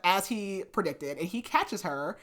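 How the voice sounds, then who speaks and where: Chatty low-voiced woman recapping a book. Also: animated, unhurried, fairly bright tone. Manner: chatty plot recap full of "like", laughing often. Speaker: podcast host reviewing books. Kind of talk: casual chat.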